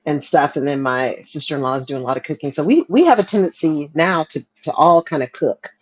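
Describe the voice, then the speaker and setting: A woman's voice: sits low, animated, fairly quick, breathy edge, no echo, rough recording. A woman co-hosting a talk show, chatting casually and laughing often as she talks. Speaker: podcast co-host. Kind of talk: casual chat.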